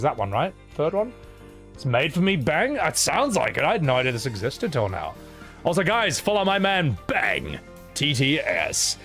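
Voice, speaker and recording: Animated, laughing male streamer. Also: on the high side. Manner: animated, laughs often, swears freely. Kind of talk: casual stream commentary.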